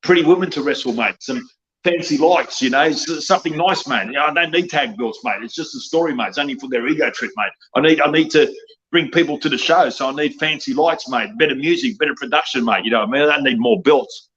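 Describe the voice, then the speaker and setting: A man's voice: medium pitch, fast, a bit bright, lo-fi sound. A man, a wrestling promoter talking bluntly and profanely in a rambling podcast chat, ending his lines with "mate".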